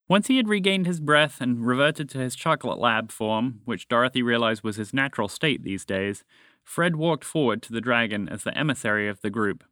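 A man narrating and hosting a children's storybook podcast, telling the story in a lively, animated way. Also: mid-range voice, a little fast, no echo, studio quality.

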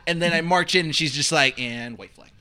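A man co-hosting a casual podcast chat, excitable and laughing as he tells stories. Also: on the high side, normal speed. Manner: excitable, laughing, animated storytelling. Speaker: podcast co-host.

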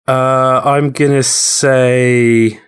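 A man's voice: medium pitch, little pitch movement, extremely slow, smooth. A man playing along in a casual quiz, easygoing, laughing and swearing at his guesses. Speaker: quiz contestant.

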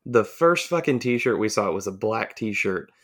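A man's voice: lowish voice, lively intonation, normal speed, breathy edge. Profane man telling a rambling story. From southern United States. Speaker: podcast co-host. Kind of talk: casual storytelling chat.

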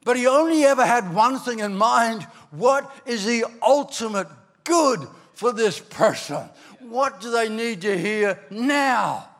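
An older man from Ireland, preaching a sermon as a pastor, telling stories with animated bursts into shouting. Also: extremely high pitch, slow. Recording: long hall reverb.

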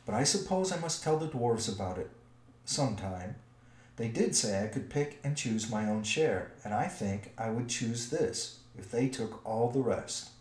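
A man's voice: medium pitch, lively intonation, unhurried, a little mellow, lightly acted. A man voicing a timid small male hobbit burglar, speaking in a fretful, anxious way. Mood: musing. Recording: roomy echo.

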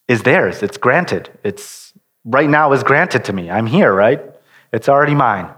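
A man preaching a sermon in an earnest way, often restarting sentences and drawing out key words. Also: medium pitch. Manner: restarts and rephrases mid-sentence.

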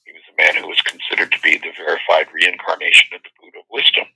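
A man with a low, gravelly and slightly husky voice hosts a spiritual call-in show. He teaches and tells stories, acting out quoted voices with animation. The tone is sharp and forward. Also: fast talker, low-quality recording. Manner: storytelling, animated quoting voices. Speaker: host and workshop teacher. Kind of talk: spiritual talk with call-ins.

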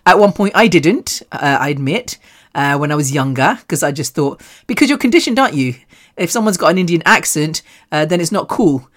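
Chatty British woman with a low voice. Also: expressive, brisk. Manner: chatty, rambling and self-mocking, swears casually. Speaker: podcast host. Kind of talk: candid solo podcast monologue.

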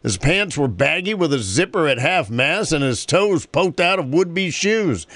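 A man's voice: a little high, lively intonation, measured pace, a bit bright, no echo. A man hosting a talk show, reading a moving story aloud and then chatting earnestly about helping caregivers. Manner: earnest, conversational.

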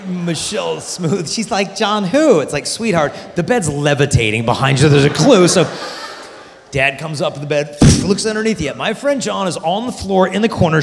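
Animated man speaking in a reverberant hall. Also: on the high side. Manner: animated storytelling, acts out quotes. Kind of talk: youth conference talk. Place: large hall with audience.

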